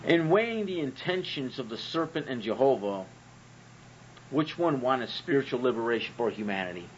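A man's voice: medium pitch, big pitch swings, moderate pace, muffled recording, a little hiss or hum. A man hosting a comedic monologue on religion, sarcastic and profane, who keeps asking rhetorical questions. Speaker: host.

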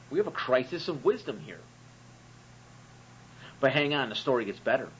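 A man's voice: medium pitch, sing-song, moderate pace, pauses often, fairly bright tone, a little hiss or hum. Man, host, sarcastic profane monologue, dull audio. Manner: sarcastic and profane, uses rhetorical questions. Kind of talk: comedic monologue on religion.

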